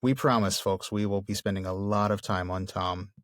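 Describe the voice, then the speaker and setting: A man co-hosting a podcast thoughtfully explains a book in a casual literary discussion with many fillers. His voice is fairly low, steady and fairly bright at a moderate pace, captured with clean studio sound and no room sound.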